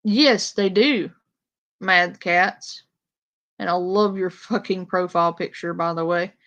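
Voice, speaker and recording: A woman holds forth to her live chat in a slow, deliberate way, blunt and openly confrontational. Her audio is dull and lo-fi, as if from a cheap mic. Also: fairly low pitch, a bit bright. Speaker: commentary streamer. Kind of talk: casual live-stream commentary.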